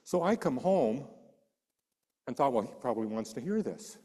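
A man preaching in a large hall, his mid-range voice ringing with long reverb. He tells a personal story with animated delivery, acting out the voices of the people in it. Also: mid-range voice, moderate pace. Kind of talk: sermon storytelling.

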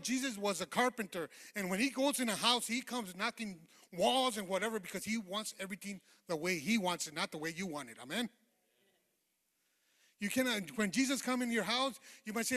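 A man's voice: sits high, normal speed, bright, forceful tone. A man giving a testimony sermon as a lay preacher, fervent and informal, calling out "amen" to the congregation in a church sanctuary. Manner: informal, rambling, with many fillers. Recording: long hall reverb in a church.

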